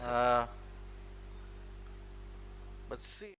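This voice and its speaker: A man with a Caribbean accent giving live, playful ball-by-ball cricket commentary, his voice climbing high when the ball runs to the boundary. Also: animated, extremely slow, fairly bright tone, smooth. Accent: Caribbean English. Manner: playful, rises sharply on boundaries.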